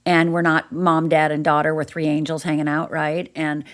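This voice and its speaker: A woman guest on a podcast, a life coach, telling stories in an animated way and acting out the voices in them. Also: deep voice, moderate pace. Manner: animated storyteller, acts out voices. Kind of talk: casual interview chat.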